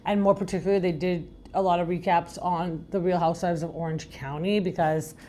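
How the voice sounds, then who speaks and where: A middle-aged woman with a low, raspy, slightly husky voice hosts a podcast recap. She talks in a frank, rambling, casual way and often circles back to her point. She is from Iran. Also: steady tone, brisk, mellow, slight background noise. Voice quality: deep, raspy voice. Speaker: podcast host.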